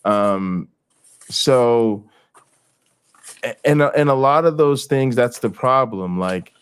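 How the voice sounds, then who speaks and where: Man, show host, casual commentary, mocking, animated, mid pitch. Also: slow pace, clear, resonant tone. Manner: mocking, animated, repeats himself.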